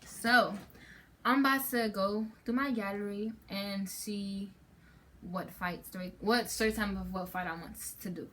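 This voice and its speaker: A woman's voice: mid-range voice, fairly even intonation, measured pace, bright, forceful tone, slight background noise. A teenage girl chats to her channel, telling a story in a loose, rambling way. She keeps stopping to restart her sentences, and she fills the gaps with "like" and "um". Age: teens. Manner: chatty, rambling with many fillers and restarts. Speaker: vlogger. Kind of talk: casual storytime chat.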